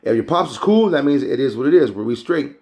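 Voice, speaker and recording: A man's voice: mid-range voice, animated, fast talker, a little mellow, close to an everyday voice. A man voicing a stressed young warrior on the run, talking in streetwise slang. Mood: casual.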